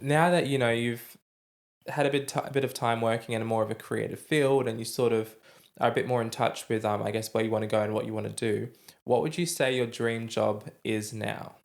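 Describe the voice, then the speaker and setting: A man's voice: medium pitch, steady tone, a little fast, creaky. A man hosting a podcast, talking thoughtfully and self-deprecatingly in a casual late-night conversation. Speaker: podcast host.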